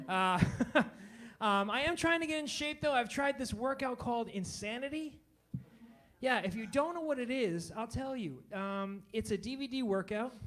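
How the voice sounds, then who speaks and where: A man in his forties works through a stand-up comedy set, poking fun at himself with punchy delivery. His voice sits fairly high for a man, and he checks in with the audience after each punchline. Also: fairly bright tone. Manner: self-deprecating, punchy, tags jokes with "all right?".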